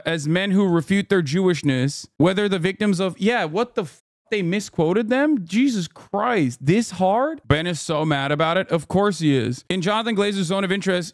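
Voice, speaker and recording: A man's voice: high voice, dry recording, clean studio sound. A man hosting a live stream, talking bluntly and sarcastically in casual commentary, swearing often. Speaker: streamer host.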